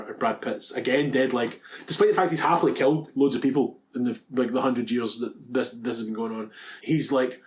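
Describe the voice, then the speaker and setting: A man's voice: medium pitch, brisk, a bit bright. A man in casual film-podcast chat, swearing freely and dripping with sarcasm. He tells the story loosely and jumps into goofy mock voices for the characters. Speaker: podcast co-host.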